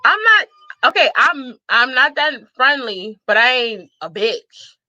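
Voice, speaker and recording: Woman, thirties, sassy vlog storyteller, slow and bright, dry dull-sounding mic. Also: sits high, dry recording. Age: 30s. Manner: sassy, animated, laughs often. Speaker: vlogger. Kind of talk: casual storytelling to viewers.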